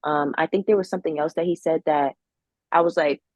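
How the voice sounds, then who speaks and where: A woman's voice: low voice, fairly even intonation, fairly quick, a little mellow, no echo. A woman on a livestream panel, talking hesitantly with many fillers as she objects in a casual debate.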